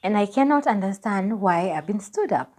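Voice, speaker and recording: A young Kenyan woman in her twenties telling a personal story on her vlog, lively and laughing as she acts out what people said. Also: mid-range voice, normal speed. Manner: animated, laughing, acts out dialogue. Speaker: vlogger.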